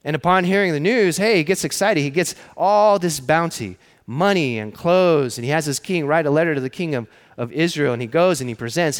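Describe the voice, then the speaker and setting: A man preaching a sermon, telling the stories conversationally and often dropping to hushed, emphatic phrases. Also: on the high side, a little fast, few pauses, clear, resonant tone. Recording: long hall reverb.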